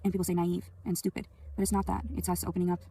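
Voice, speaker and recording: A young woman in a rambling, profane venting monologue, swinging between loud anger and quiet sadness, recorded on a phone. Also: fairly low pitch, flat delivery, very fast, husky, recorded from a distance. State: sleepy.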